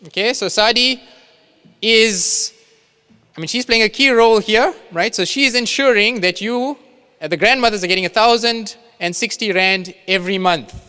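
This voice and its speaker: A man's voice: high-pitched, moderate pace, sharp tone, smooth. A man presenting to an audience, explaining and checking in with listeners. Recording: distant voice with long hall reverb.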